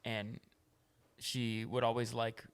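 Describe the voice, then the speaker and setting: Young guy producer, deadpan, crude jokes, tells little stories. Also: mid-range voice, takes it slowly, smooth. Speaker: podcast producer. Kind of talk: casual chat.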